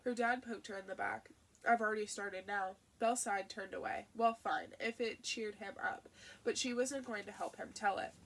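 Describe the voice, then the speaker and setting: Woman reading an audiobook with vocal fry. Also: medium pitch, steady tone, normal speed. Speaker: audiobook narrator.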